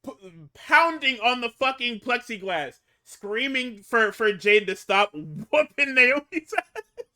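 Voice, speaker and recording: Male co-host, high and piercingly bright, profane heated chatter. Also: lively intonation, slow. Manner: profane, heated ranting with laughs. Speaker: podcast co-host. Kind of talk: casual chat.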